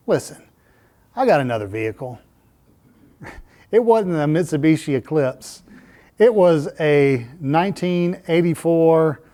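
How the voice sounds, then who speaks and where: A pastor preaching a sermon in a church, telling a story in an animated way and laughing at himself. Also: male voice, fairly high pitch. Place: church sanctuary.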